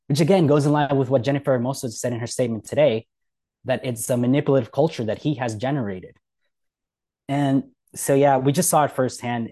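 A man's voice: mid-range voice, a little mellow. A man co-hosting a podcast, talking casually and indignantly with lots of filler words. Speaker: podcast co-host.

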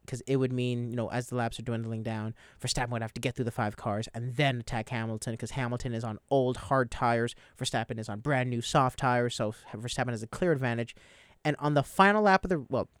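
A man co-hosting a casual sports talk show, recounting race events in animated detail. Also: mid-range voice, fairly quick, clean tone, no echo, clean studio sound.

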